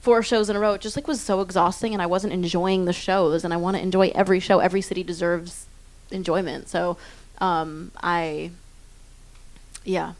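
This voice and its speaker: A woman's voice: fairly low pitch, fairly even intonation, moderate pace, darkish tone. A woman in her twenties, a singer being interviewed on a theater stage, talking in a chatty, bubbly, self-deprecating way. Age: 20s. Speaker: guest singer. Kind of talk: live onstage interview. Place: theater stage before an audience.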